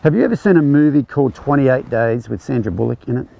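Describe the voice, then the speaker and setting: A man's voice: medium pitch, animated, fast talker, gravelly, dark tone, low-quality recording. A man teaching a horsemanship clinic, explaining conversationally as he demonstrates groundwork with a horse. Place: outdoor ranch arena.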